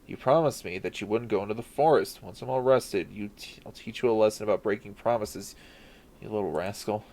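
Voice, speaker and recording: A man's voice: fairly low pitch, a little fast, a little mellow, natural voice. A man reading the lines of a caring, tough young female forest watcher aloud from a game, his voice raised a little. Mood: scolding.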